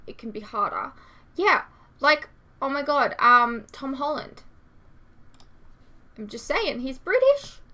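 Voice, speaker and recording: Chatty young woman with a bright voice. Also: sits high. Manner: chatty, many fillers and asides. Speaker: reaction channel host. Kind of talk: casual chat reading viewer comments.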